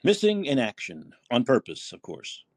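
Man, podcast host, indignant political rant, very animated pitch, dry close mic. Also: normal speed, breathy edge, dry recording. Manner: heated, indignant, swearing, rhetorical questions; reads listener posts aloud. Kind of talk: political commentary monologue.

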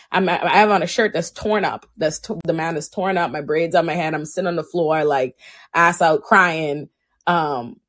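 Woman in her 30s telling her own story, lowish voice, super dry close mic, blunt and sweary, goes way up when quoting. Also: dry recording. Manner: candid, animated, profane, acts out quoted speech. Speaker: podcast host. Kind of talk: personal storytelling.

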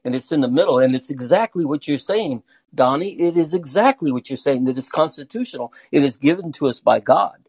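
A man's voice: on the high side, animated, fairly quick, darkish tone, husky, no echo, rough recording. A man calling in to a talk show by phone, rambling and repeating words as he builds an argument. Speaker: caller. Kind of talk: casual call-in discussion. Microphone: phone through a call-in app.

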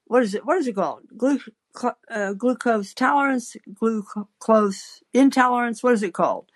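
A woman's voice: on the high side, moderate pace. A woman hosting a call-in podcast, telling a rambling, anecdotal story full of fillers and restarts. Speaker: podcast host.

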